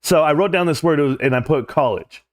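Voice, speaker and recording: A man's voice: fairly high pitch, fast. A man hosting a livestream, talking straight to his chat in a rambling, blunt, mildly profane rant. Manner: addresses chat directly. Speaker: livestream host.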